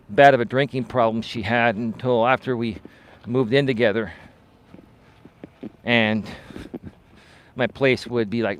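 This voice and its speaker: A life coach telling a personal story live while walking outdoors, candid and animated, growing loud and heated. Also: male voice, mid-range voice, clean tone.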